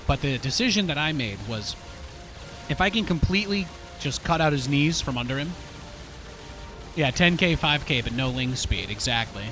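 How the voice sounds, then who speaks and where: A man giving lively live gameplay commentary as a streamer, with playful trash talk at his home desk mic. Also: mid-range voice, normal speed, long pauses, soft background music. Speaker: game streamer.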